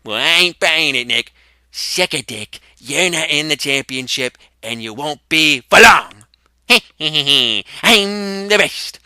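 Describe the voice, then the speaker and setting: A man's voice: on the high side, animated, slow, bright, forceful tone, smooth, no echo, clean studio sound, exaggerated voice. A man putting on a mocking impression of a whiny, indignant young man who frets over fantasy football picks.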